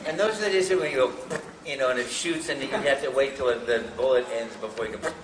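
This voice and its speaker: An older man and voice actor, telling animated, self-interrupting stories at a live panel in a large hall. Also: medium pitch, fairly quick, heavy background noise. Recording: echoey hall from far off.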